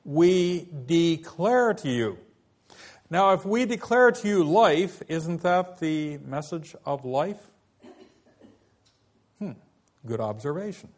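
Guy teaching bible study, kinda high voice, talks real slow and asks questions as he explains. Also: lively intonation.

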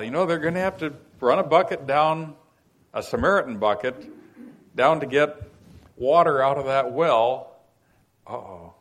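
Slow, folksy preacher man. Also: a little high. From California. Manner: unhurried, folksy, frequent "you know" asides. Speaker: Bible teacher. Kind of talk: conversational sermon.

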